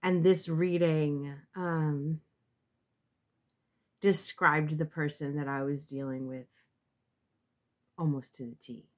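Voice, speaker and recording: A woman, a tarot reader, talking casually to camera in a halting way with many fillers and restarts, sounding emotional and close to tears. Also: sits low, steady tone, darkish tone.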